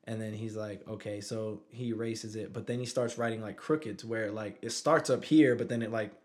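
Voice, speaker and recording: Speaking in a lowish, steady voice at a moderate pace, a thirtysomething father shares a story in casual chat. He keeps checking in with "you know what I'm saying".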